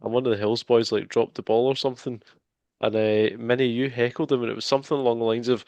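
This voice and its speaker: Gravelly man, dry close sound. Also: medium pitch, little pitch movement, fast, a little mellow, dry recording. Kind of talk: casual chat.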